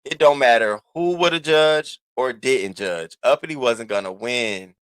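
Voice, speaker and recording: A man's voice: mid-range voice, a little slow, a bit bright, clear, resonant tone, dry recording. A man hosting a live stream, giving sassy, profane commentary and calling out viewers in the chat by name. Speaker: livestream host.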